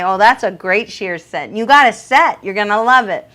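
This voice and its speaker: Excitable woman groomer chatting on a livestream. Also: fairly high pitch, moderate pace, hardly any pauses. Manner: excitable and gushing, laughs often. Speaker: professional dog groomer hosting a live stream. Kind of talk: casual live-stream chat, reading viewer comments.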